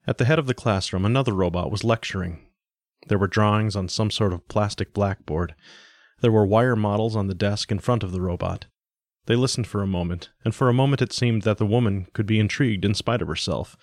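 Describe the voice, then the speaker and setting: A man narrating a science fiction story in a steady, even audiobook style. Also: lowish voice, fairly quick, dry recording, clean studio sound.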